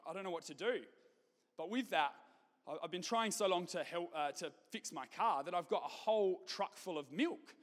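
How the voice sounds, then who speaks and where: Preacher playing a hurried, flustered milk driver, Australian, church reverb. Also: male voice, high-pitched, lightly acted. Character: sweaty flustered male milk-truck driver.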